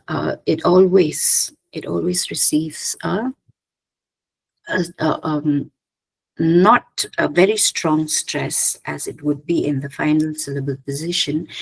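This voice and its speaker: A woman with a Khasi accent giving an academic linguistics presentation, halting with many fillers and frequent throat-clearing. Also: low-pitched, poor audio.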